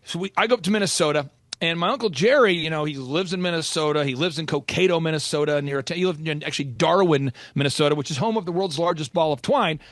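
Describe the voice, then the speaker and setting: High-voiced man telling a lively story. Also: fast, no room sound, studio quality. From Oklahoma. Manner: storytelling, acts out quoted voices. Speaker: podcast host. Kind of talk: animated storytelling in a podcast chat.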